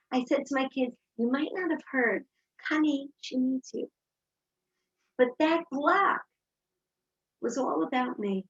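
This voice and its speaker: Woman speaker, husky and fairly high, lively storyteller, dull lo-fi sound. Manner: animated storyteller acting out dialogue. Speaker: speaker giving a Torah talk. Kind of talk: inspirational talk with personal stories. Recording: dull lo-fi recording.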